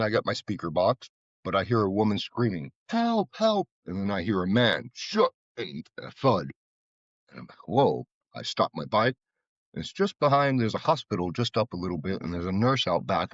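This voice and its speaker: Low-voiced American man telling stories. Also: expressive, fairly quick, fairly bright tone, no echo, highs cut off. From Florida, USA. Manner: loose, rambling delivery with frequent "you know" and repeated words. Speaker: guest, flower bike artisan. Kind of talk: casual storytelling in a conversation.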